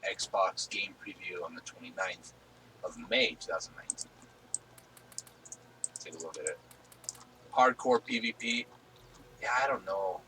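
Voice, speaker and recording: Male streamer, low and bright, easygoing rambler on a headset. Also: a little slow, pauses often, a little hiss or hum, poor audio. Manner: rambling, easygoing, lots of fillers. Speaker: streamer host. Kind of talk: casual gaming stream chat.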